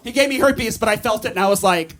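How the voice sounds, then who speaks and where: Guy doing standup, high voice jumping all over, loud crowd noise in the club. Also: fast talker. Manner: animated, shouting punchlines. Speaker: stand-up comedian. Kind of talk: stand-up comedy set. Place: comedy club stage. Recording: live club with audience noise.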